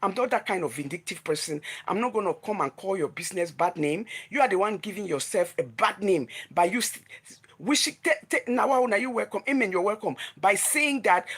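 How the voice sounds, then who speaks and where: A woman's voice: mid-range voice, expressive, brisk, fairly bright tone, husky. A woman with a Nigerian accent, a vlogger running her own gossip news channel, delivers a heated, confrontational rant that scolds her target with emphatic repetition.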